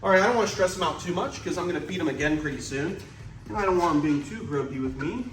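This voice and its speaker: With lively intonation and quick speech, the reptile keeper chats to camera at the snake facility, excited and a touch breathless. His voice is fairly high; there's a little hiss or hum, and the sound is roomy and distant with faint ambience.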